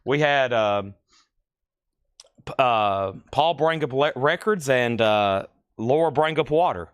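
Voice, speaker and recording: A man's voice: mid-range voice, expressive, slow, smooth, dry recording. A man hosting a live vinyl record sale, rattling off titles, conditions and prices with chatty asides. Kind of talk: live record auction patter.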